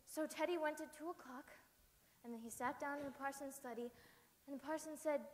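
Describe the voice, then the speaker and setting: A woman narrating a story with lively expression, her voice high and clear. She paces it like a performance. A long hall reverb carries behind her. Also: a little fast. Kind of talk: dramatic storytelling. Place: church.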